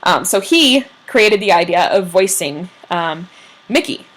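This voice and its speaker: A woman's voice: lowish voice, animated, measured pace. Chatty young woman telling a story. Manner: chatty storyteller, many ums, acts out quotes. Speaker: podcast co-host telling the story. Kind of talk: casual history podcast chat.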